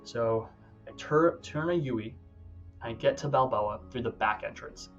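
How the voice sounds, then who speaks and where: A man's voice: medium pitch, unhurried. Man telling a tense personal story. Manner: casual, intense retelling with filler "like" and self-interruptions. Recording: slightly dull sound with faint music behind.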